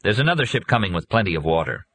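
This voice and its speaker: Man reading tired practical settler guy, plain, matter of fact, a bit higher than his deep voice. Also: sing-song, racing, bright, forceful tone, slightly rough, no room sound, exaggerated voice.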